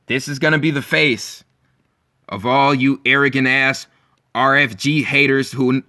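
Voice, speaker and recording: A man's voice: medium pitch, pushed and bright. A man hosting his own video, ranting with scorn and emphasis, repeating phrases, mocking his listeners and swearing freely. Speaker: channel host.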